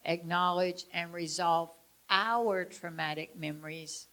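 A woman teaching about traumatic memory, illustrating it with a personal story. She tells it expressively, shifting between loud emphasis and hushed moments. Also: on the low side, fairly even intonation, takes it slowly. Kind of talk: personal story within a lecture.

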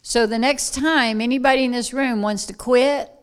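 A woman preaching an informal sermon to a room of listeners, acting out scenes with sudden loud bursts. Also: fairly high pitch, steady tone, normal speed, clear, resonant tone.

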